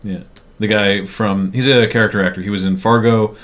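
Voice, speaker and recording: A man's voice: lowish voice, steady tone, fairly quick, a bit bright. A man co-hosting a casual stream, chiming in with dry, wry asides. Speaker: stream co-host. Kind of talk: casual banter.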